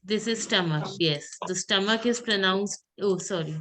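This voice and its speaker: A woman's voice: mid-range voice, moderate pace, background noise. A woman, a French teacher running a classroom pronunciation drill. She patiently repeats each word for her students.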